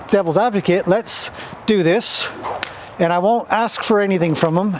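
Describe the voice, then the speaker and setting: Gentle, chatty man training a horse. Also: high voice, background noise. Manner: gentle, soothing, chatty and self-deprecating. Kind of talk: instructional commentary while training. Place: outdoors in a horse pen near a road.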